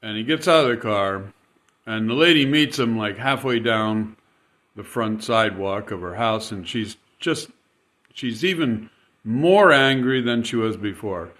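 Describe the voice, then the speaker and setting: A man's voice: on the low side, a little slow, fairly bright tone. A man casually telling a rambling, chatty anecdote, chuckling as he goes. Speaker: storyteller.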